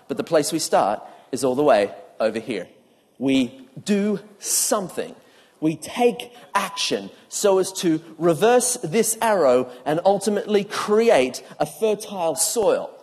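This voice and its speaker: A man preaching a sermon that mixes scripture and neuroscience, telling stories with humor and acting out what people say. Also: high-pitched. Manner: animated storyteller who acts out quotes with humor. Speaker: preacher and speaker. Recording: long hall reverb.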